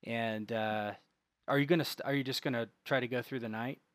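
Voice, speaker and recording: A man's voice: medium pitch, steady tone, fairly quick, no room sound. A man narrating as game master of an online tabletop game, talking with many fillers and restarts.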